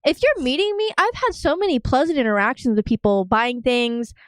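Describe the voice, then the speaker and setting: High-voiced woman, heated swearing rant, casual podcast chat, dry close mic. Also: fairly quick, clean tone, no room sound. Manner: heated, ranting, heavy swearing. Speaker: podcast co-host.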